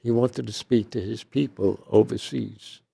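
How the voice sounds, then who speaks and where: A man's voice: medium pitch, fairly even intonation, measured pace, gravelly, mellow, breathy edge. An older man telling a long story as an interview guest, rambling and tagging his lines with "okay?" and "you know".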